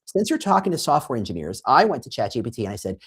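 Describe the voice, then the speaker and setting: A man guest on a podcast, explaining in an animated conversational way and acting out quoted prompts and reactions. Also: medium pitch, quick pace, slightly rough. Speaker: guest, recruiting consultant.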